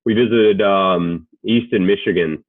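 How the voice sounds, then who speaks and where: A man's voice: lowish voice, measured pace, no room sound. A man in his late twenties with an Australian accent, a guest telling a story in a laid-back, casual way, swearing freely. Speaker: guest, sports agent. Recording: tinny phone-like call audio.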